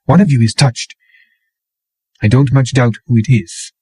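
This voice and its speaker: A man reading an audiobook, voicing a blunt, caring young woman who talks in a brisk, chiding way. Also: mid-range voice, dark tone, breathy edge, no room sound. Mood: accusing.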